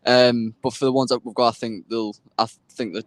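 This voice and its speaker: Quiet, hesitant man. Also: mid-range voice, flat delivery, brisk, dry recording. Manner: quiet, hesitant, many fillers. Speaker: guest fan. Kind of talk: casual chat. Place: outdoors, windy.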